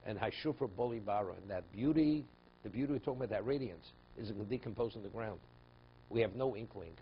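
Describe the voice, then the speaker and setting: A man, a rabbi, teaching a Talmud class in an animated lecture style, rising loud on key words and restarting phrases often. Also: on the low side, fast talker. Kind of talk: spoken Torah lecture. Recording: dull lo-fi recording with faint hum.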